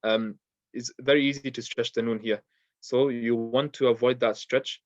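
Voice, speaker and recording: A man teaching a Quran pronunciation lesson, patiently explaining mistakes and repeating words slowly for practice. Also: mid-range voice, fairly even intonation, dry recording. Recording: dull, dry lo-fi sound.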